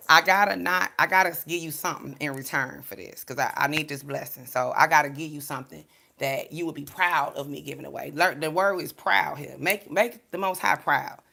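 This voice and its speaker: A low-pitched woman with a gravelly edge tells a story in a casual vlog. Her tone is bright and forceful, candid and emphatic. She drifts into preachy asides as she talks. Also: brisk. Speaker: spiritual card reader and vlogger.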